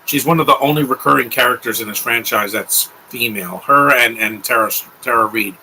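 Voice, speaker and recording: A man's voice: mid-range voice, brisk, bright, forceful tone, slight background noise, poor audio. A young man hosting a live movie commentary, talking in an offhand, rambling way with opinionated asides.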